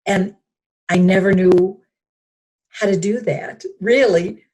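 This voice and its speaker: A woman's voice: medium pitch, slow pace, darkish tone. A woman guest in a conversational interview, reflective and hesitant, with frequent fillers.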